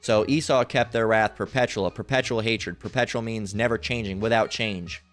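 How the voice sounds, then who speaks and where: A man's voice: on the low side, steady tone, normal speed, a bit bright, faint music behind. A man giving rambling, coarse preaching commentary over a video he is playing. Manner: rambling, coarse, cursing ranter. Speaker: religious commentator.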